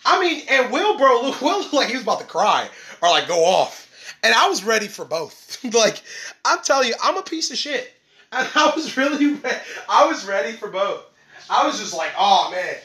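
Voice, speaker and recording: A man's voice: very high-pitched, sing-song, normal speed, sharp tone. A young man hosting a casual solo podcast, rambling in slang and laughing often. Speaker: podcast host. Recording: echoey room, away from the mic.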